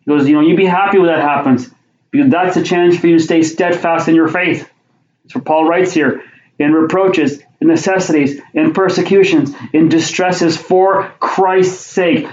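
A man's voice: on the high side, a little mellow. A man preaching a sermon, reading Bible verses aloud and then explaining them in plain conversational talk, often repeating his words. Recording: roomy, dull lo-fi sound.

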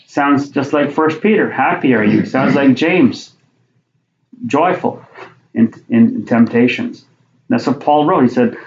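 A man's voice: medium pitch, slow pace, long pauses, slight background noise. A man preaching a sermon, reading Bible verses aloud and then explaining them in plain conversational talk, often repeating his words. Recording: roomy, dull lo-fi sound.

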